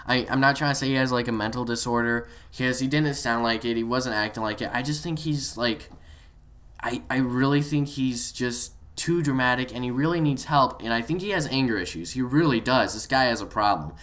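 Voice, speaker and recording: A young man telling a gaming story in a casual, excited, rambling way, full of fillers. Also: mid-range voice, a little fast. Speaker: gaming vlogger.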